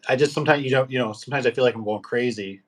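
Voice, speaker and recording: A middle-aged man, a garage door business owner, chatting casually and telling rambling, animated stories with acted-out quotes. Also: mid-range voice, very fast. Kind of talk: casual storytelling chat.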